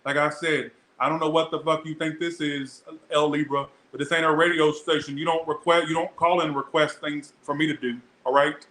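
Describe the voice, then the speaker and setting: A man's voice: fairly high pitch, little pitch movement, a little fast, hardly any pauses, bright, forceful tone, echoey room, slight background noise, poor audio. A young man doing a casual tarot reading, chatty and blunt, swearing freely as he talks to his viewers. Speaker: tarot reader.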